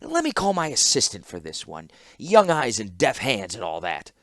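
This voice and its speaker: A man reading an audiobook, voicing a fawning, rapid-talking male clockmaker. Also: fairly low pitch, wildly swooping pitch, a bit bright, no echo, clean studio sound. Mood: flustered. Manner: rapid, gushing, obsequious. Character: fawning middle-aged male clockmaker, groveling.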